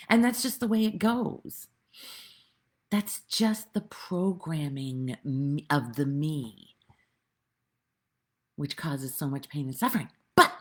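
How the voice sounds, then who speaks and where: A woman giving a rambling, earnest spiritual talk in a casual way, with sudden animated outbursts, recorded outdoors. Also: extremely low pitch. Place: outdoors with birds nearby.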